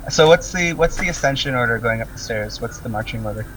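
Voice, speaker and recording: Game master, male, halting descriptive narration, distant mic with faint music. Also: mid-range voice, lively intonation. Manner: descriptive, full of "um" and "like".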